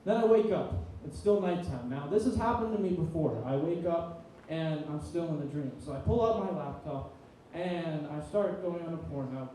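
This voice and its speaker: A man's voice: fairly high pitch, normal speed, few pauses, dark tone, slight background noise. A young man in his twenties doing a rambling, profane stand-up set in a small comedy venue. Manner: rambling, profane, self-deprecating storytelling. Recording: very echoey room, distant mic.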